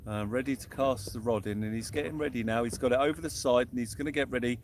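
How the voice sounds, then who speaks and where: A man's voice: medium pitch, quick pace. A young man keeps up a cheerful, chatty commentary as he fishes. He is out on a small boat at sea. A faint hiss of outdoor noise sits behind his voice. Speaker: fishing vlogger. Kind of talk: live-stream commentary.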